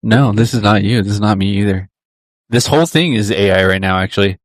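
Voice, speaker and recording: A man's voice: on the low side, brisk, dry recording, clean studio sound. A young man co-hosting a casual comedy podcast, laughing often and talking crude and jokey. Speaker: podcast co-host.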